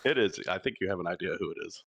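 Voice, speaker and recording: Blunt male guest, casual gaming chat, very low voice, talks quickly. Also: expressive, a bit bright, dry recording, highs cut off. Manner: blunt, teasing. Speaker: guest gamer.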